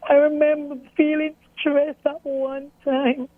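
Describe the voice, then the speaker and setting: A middle-aged woman speaks in a high, fairly flat voice, telling a story earnestly. The sound is tinny and phone-like, with a dry room. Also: slow, no echo. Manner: earnest, storytelling, animated retelling. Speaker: grieving mother interviewee. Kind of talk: recounting events in an interview.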